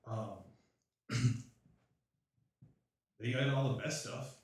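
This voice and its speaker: A man's voice: mid-range voice, extremely slow, very echoey, recorded from a distance. A man voicing a shady, evasive male informant who grumbles about the rich, in a tabletop game. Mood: wheedling.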